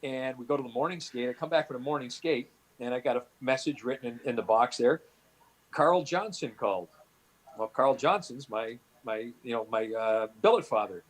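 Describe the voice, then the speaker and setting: A man's voice: mid-range voice, a little fast, few pauses, low-quality recording. Rambling middle-aged man telling hockey stories. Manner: rambling, many "you know" fillers and restarts. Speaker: guest, former hockey player. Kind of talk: storytelling interview answers.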